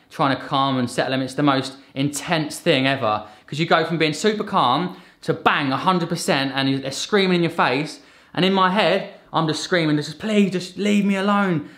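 Guy, thirties, a touch high-voiced, earnest and lively as an interview guest. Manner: earnest, animated storytelling with acted-out quotes. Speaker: podcast guest, fitness coach. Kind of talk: casual conversation.

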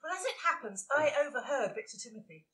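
A woman's voice: on the high side, big pitch swings, quick pace, pushed and bright. A woman playing a prim, dim murder witness in a live comedy sketch, speaking in a proper, theatrical way.

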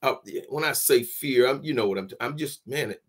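A man, a former football player telling a lively story in an interview, with folksy phrasing and laughs. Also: medium pitch, brisk, breathy edge. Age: 60s.

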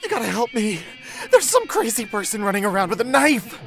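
Scared horror game heroine, urgent, pleading, lively pitch, faint music. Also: female voice, brisk. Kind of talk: video game voice acting.

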